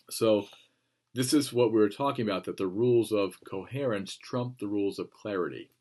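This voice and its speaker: A man giving a classroom lecture on clear writing, explaining plainly with frequent ums and reading passages aloud. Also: lowish voice, a little mellow. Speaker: teacher.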